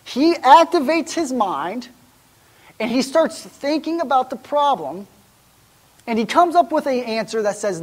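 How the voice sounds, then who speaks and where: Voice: mid-range voice, lively intonation, measured pace. A pastor giving a sermon in a church, speaking in a casual, conversational way. The preacher keeps wondering aloud and putting rhetorical questions to the congregation.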